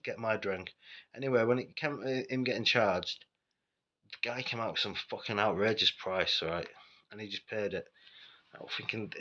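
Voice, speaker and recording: A man's voice: fairly low pitch, a bit bright, muffled recording. A Yorkshire man telling his own stories in a rambling, sweary, blunt way, often turning asides to the listener. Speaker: vlogger telling personal stories. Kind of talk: casual storytelling monologue.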